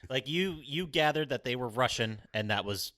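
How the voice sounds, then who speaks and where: A man's voice: medium pitch, animated, normal speed, pushed and bright. A man co-hosting a casual podcast chat, joking and steering the talk. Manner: jokey, steers the discussion. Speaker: podcast co-host.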